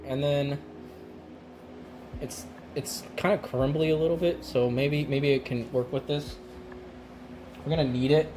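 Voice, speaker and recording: A streamer chatting casually while cooking on a live stream, rambling and laughing often. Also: medium pitch. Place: home kitchen.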